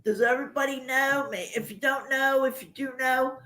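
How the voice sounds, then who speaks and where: A woman's voice: high voice, fairly even intonation, moderate pace, bright, forceful tone. An older woman hosting a livestream, chatting casually with viewers and rambling through personal stories. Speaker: livestream host.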